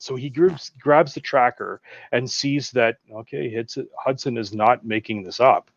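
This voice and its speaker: A man's voice: medium pitch, unhurried, dry recording, lo-fi sound. A male guest in a casual film chat who talks with animation and acts out lines of movie dialogue. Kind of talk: casual chat about films.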